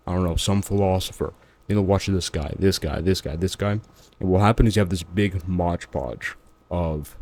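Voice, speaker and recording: Deep-voiced man giving casual pep talk. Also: mellow. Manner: slangy, emphatic, addresses the viewer directly. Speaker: self-improvement vlogger. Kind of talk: casual motivational talk to camera.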